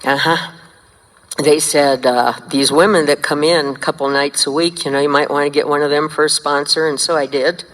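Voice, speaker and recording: A woman's voice: deep voice, moderate pace. Older woman sharing her story in a hall. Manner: lively storyteller, acts out dialogue. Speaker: speaker sharing recovery story. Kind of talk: recovery meeting share. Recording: long hall reverb.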